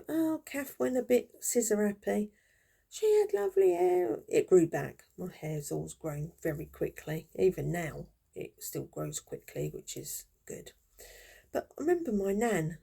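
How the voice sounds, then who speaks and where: A woman's voice: on the low side, vocal fry, mellow, slightly rough. A woman in her fifties chatting casually and reminiscing while she crochets, in a rambling, friendly way. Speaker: crafter vlogger.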